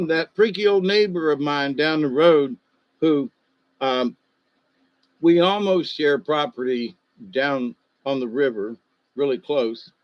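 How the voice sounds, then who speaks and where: A man's voice: fairly high pitch, takes it slowly, pauses often, no echo, muffled recording. A man telling rambling, folksy stories in a loose monologue, full of fillers and asides.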